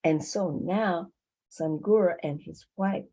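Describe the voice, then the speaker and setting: A woman telling a folk tale to a community group in an unhurried way. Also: on the low side, poor audio. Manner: lively, unhurried, with pauses. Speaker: storyteller.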